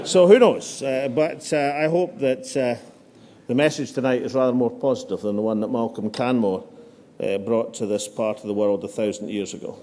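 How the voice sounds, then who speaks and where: A man's voice: mid-range voice, a little fast, mellow. Scottish man giving a dinner speech in a reverberant hall. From Scotland. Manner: dry humour with frequent filler hesitations. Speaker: political speaker at a dinner. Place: hotel function room.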